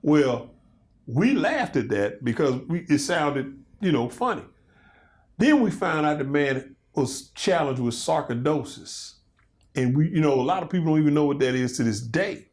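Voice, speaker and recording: A man in his fifties, a comedian and guest, telling stories in a loose, animated way in a casual interview chat. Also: a little high, moderate pace. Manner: animated storytelling, loose and conversational.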